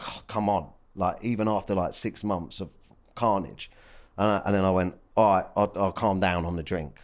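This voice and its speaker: A man with a deep, low-pitched voice appears as a podcast guest and talks candidly in a casual chat. He's blunt and emotional, swearing casually throughout.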